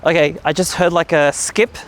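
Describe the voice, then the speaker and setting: A woman's voice: sits low, steady tone, moderate pace, background noise. A woman reviewing a headset in a casual, chatty way, with loose phrasing and frequent fillers. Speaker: tech product reviewer.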